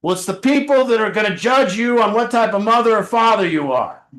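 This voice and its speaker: A man's voice: high voice, lively intonation, brisk, fairly bright tone, reverberant, low-quality recording. A man leading an addiction family support group, talking earnestly in a repetitive, preaching rhythm full of rhetorical questions. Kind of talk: motivational group talk. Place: meeting room with a group.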